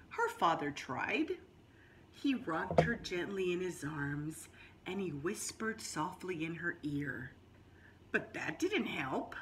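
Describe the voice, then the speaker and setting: A woman teacher reads a picture book aloud to children, explaining words along the way. Her expressive reading has drawn-out storybook phrasing and sudden high exclamations, with slight background noise.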